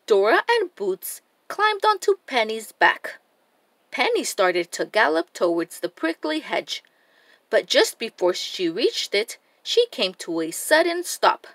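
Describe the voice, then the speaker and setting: A woman reading a children's picture book aloud, her voice moving up and down with a lot of expression. She takes an unhurried pace, and the sound is close and dry. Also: mid-range voice, dry recording. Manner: expressive, animated read-aloud. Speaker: storybook reader.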